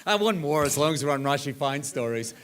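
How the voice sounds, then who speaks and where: An older man speaking at a reunion, telling animated anecdotes and acting out the people in them. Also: mid-range voice, quick pace. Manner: animated anecdote teller, acts out others' lines. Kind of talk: storytelling talk.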